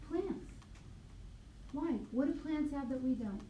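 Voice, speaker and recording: A woman biology teacher lecturing a class, quizzing students with quick questions, recorded on a tablet mic across the classroom. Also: high voice, warm tone. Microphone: tablet mic from across the room. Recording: echoey classroom, distant mic, faint noise.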